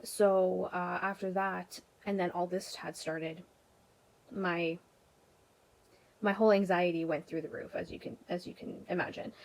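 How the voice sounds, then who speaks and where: A woman's voice: lowish voice, darkish tone, low-quality recording. A young woman from Canada talking casually to camera for her vlog, rambling a little and filling gaps with ums and you-knows. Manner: chatty, rambling, many ums and restarts. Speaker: vlogger.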